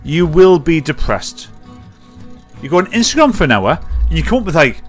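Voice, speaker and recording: A man's voice: fairly high pitch, lively intonation, a little fast, a bit bright, soft background music. A tipsy man hosting a live comedy show, rambling, swearing and laughing at his clips. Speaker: livestream comedy host.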